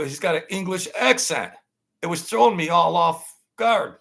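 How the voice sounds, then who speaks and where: A man hosting his own channel, telling a long casual story in a rambling, halting way, full of fillers and restarts. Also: high-pitched, lively intonation, creaky, fairly bright tone. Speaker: channel host telling stories.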